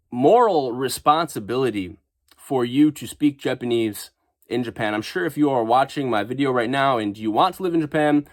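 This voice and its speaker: A man with a nasal, stuffed-up voice from a sinus infection, ranting casually to camera in slangy vlog style. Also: mid-range voice. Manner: casual slangy rant, mocking quoted voices. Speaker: vlogger. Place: living in Japan.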